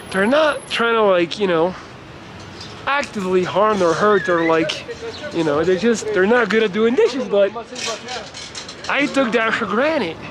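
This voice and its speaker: A man's voice: high-pitched, echoey room, background noise. Long-winded man telling a story. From Belgium. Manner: long-winded, rambling, swearing. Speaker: vlogger. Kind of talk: casual storytelling vlog. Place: living room.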